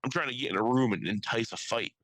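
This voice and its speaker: Bright-voiced rambling man telling stories. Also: medium pitch, fast, no room sound, low-quality recording. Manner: rambling, profane, laughs often. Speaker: podcast co-host. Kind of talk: casual storytelling chat.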